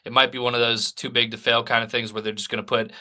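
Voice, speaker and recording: A man getting over a cold, co-hosting a casual podcast chat and speaking haltingly with many fillers and restarts. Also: medium pitch, level tone, pushed and bright. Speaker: podcast co-host.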